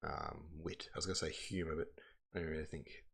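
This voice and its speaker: A man's voice: rumbling low, flat delivery, brisk, creaky, a bit bright, slight background noise. A man hosting a livestream, chatting in a rambling way and reading passages aloud. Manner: rambling, chatty, self-interrupting. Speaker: livestream host.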